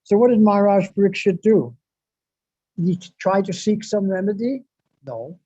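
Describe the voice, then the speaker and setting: Man, devotional sermon, husky tone, repeats lines for emphasis, recites verses, muffled recording. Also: high voice, expressive, normal speed, warm tone. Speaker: devotional speaker. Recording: dull lo-fi, dry sound.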